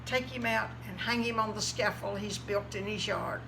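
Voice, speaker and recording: A woman's voice: medium pitch, fairly even intonation, normal speed, vocal fry, noisy background, natural voice. Woman doing a commanding king. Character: commanding adult male king of a palace.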